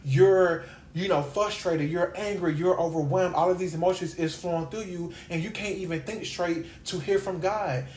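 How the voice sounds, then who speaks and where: A man's voice: high-pitched, fairly even intonation, moderate pace, few pauses, darkish tone, reverberant, a little hiss or hum. A man giving a sermon-style podcast talk as host and Bible teacher, emphatic and repetitive, piling up lists of questions.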